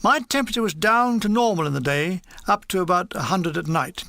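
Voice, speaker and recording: A man's voice: high-pitched, lively intonation, fairly quick, vocal fry, hardly any pauses, sharp tone, no room sound. A man reading a comic wartime memoir aloud, with dry timing and voices for the dialogue. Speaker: audiobook reader.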